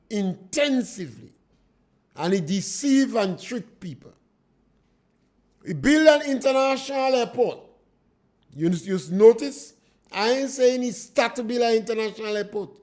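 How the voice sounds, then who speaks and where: A man with a Grenadian accent hosting a call-in political talk radio show in a studio, speaking emphatically and asking rhetorical questions. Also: very high-pitched.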